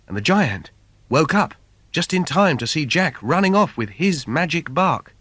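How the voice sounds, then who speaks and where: A man's voice: on the high side, sing-song, unhurried, fairly bright tone, breathy edge, dry recording. A man reading a comic fairy tale for children in a playful, sing-song storyteller manner. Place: recording studio. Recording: dry studio recording.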